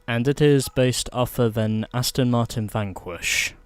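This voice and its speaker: A man's voice: medium pitch, unhurried, smooth, no room sound. A man talking through his video game playthrough in a chatty, explaining way. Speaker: let's play host. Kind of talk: gameplay commentary.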